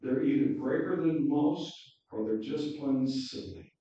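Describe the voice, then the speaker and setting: A man's voice: fairly high pitch, measured pace, mellow, close to an everyday voice. A man voicing a homely, motherly female talking beaver in a storybook reading, recorded from afar in an echoey hall. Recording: dull echoey hall from far off.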